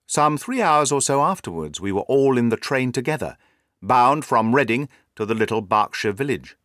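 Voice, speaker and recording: A man narrating a story in a measured, scripted style. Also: medium pitch, expressive, a bit bright, no room sound, studio quality.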